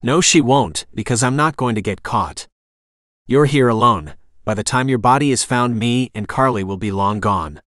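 A bitter, vengeful young mother snaps out curt, hard lines, as a male narrator does her voice. The voice is pitched in the middle and recorded close and dry for an audiobook. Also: animated, moderate pace, fairly bright tone, no echo, lightly acted. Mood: cold.

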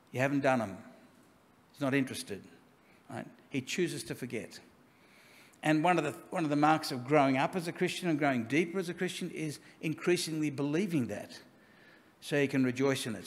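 A man preaching a sermon in a conversational, storytelling way, with asides and restarts. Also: on the high side. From Australia. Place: church. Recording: long church reverb.

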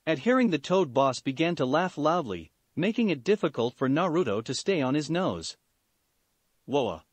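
Brief: male story reader, fairly high and lively pitch, steady fan fiction narration. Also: moderate pace, no echo.

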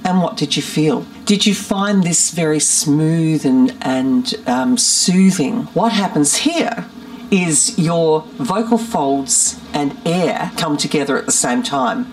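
A woman vocal coach giving a clear, methodical lesson and explaining each step carefully. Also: low voice, takes it slowly, darkish tone. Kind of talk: scripted teaching.

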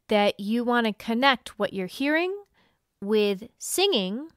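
In a clean, dry studio recording, a woman with a high-ish, clear, resonant voice speaks a little slowly but animatedly. She's giving friendly fiddle instruction on a podcast, frequently laughing and singing bowing rhythms out loud.

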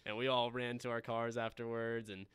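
A man's voice: medium pitch, level tone, normal speed, fairly bright tone, smooth, no room sound. A man co-hosting a podcast, telling stories casually and agreeing often, with frequent chuckles.

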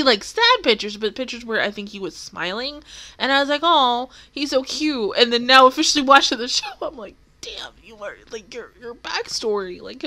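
Young female reaction host, bright edgy tone, rambling casual talk with emotion and swearing. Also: a little high. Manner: rambling and emotional, with many fillers and curse words.

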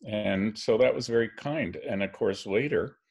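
Older canadian guy on a video call, low husky voice, reflective gentle storytelling. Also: normal speed. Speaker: filmmaker and photographer guest.

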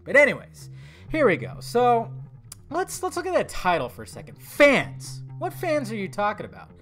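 A man's voice: on the high side, a bit bright. A young man ranting sarcastically and angrily with a lot of swearing in a movie commentary vlog. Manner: angry, sarcastic, profane ranting.

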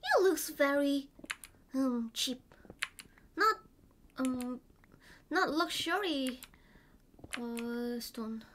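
Very high, excitable young woman streamer. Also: very slow, pauses often, background noise. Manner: excitable, squeals and gasps, simple broken English; sing-song humming while playing. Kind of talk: casual gameplay chat.

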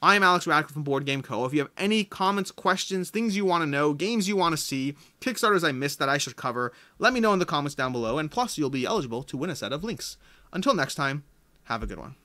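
Male board game host, casual chat, bright forceful voice, slightly high. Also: animated, fast. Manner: chatty, storytelling. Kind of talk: casual video talk.

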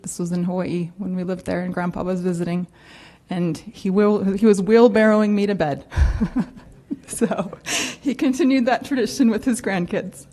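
A woman speaking at her grandfather's funeral, close to tears, rambling and apologetic, laughing softly between memories. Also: mid-range voice. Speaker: granddaughter giving a eulogy. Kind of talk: unscripted funeral eulogy. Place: funeral home chapel.

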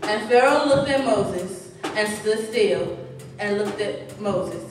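A woman reading a sermon poem aloud with a slow, measured, preacher-like cadence. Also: mid-range voice. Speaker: reader. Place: large church. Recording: echoey church from far off, music behind.

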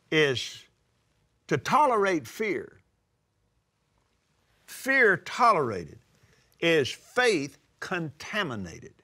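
An older man preaching a sermon, emphatic and drawing out scripture quotes slowly. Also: mid-range voice, sharp tone. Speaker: televangelist preacher. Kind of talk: sermon-style teaching.

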